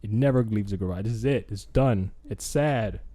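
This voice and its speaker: A casual young man with a somewhat low voice spins a story on a podcast. He rambles and piles on fillers, breaking into quick acted-out lines as he goes. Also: warm tone. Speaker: podcast host. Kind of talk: casual chat.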